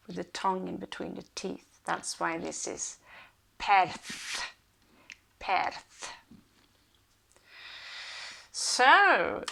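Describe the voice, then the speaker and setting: A woman's voice: mid-range voice, vocal fry, sharp tone. A woman hosting a casual rune reading, thinking aloud with many hesitations. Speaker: rune reader and channel host.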